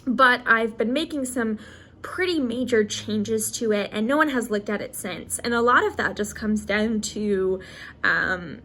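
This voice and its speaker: A woman's voice: fairly high pitch, unhurried, a bit bright. Chatty young woman vlogging her study day. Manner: candid, chatty, with frequent fillers and self-corrections. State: briefly emotional. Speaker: graduate student vlogger. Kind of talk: casual study vlog talk to camera.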